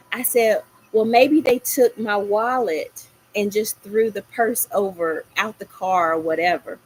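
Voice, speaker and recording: A middle-aged woman hosting a gardening livestream, telling a story in a casual, animated way and acting out the lines she quotes. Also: measured pace, a little hiss or hum, rough recording. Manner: animated, acts out quoted lines with rising pitch. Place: small home patio garden, outdoors.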